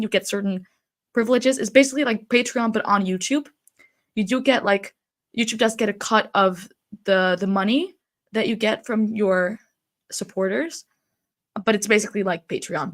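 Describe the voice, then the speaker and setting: A woman live-streaming, chatting loosely and answering her chat as she goes. Her voice is mid-pitched and slightly stuffy from a blocked nose, with frequent fillers and easy laughter. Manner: chatty, reads chat aloud, laughs often, frequent ums and likes.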